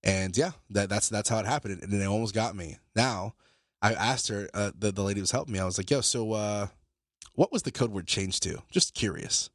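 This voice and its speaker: A man, a podcast co-host, telling a story in casual talk, animated and swearing, acting out both sides of phone calls. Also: on the low side, fairly quick, dry recording, clean studio sound.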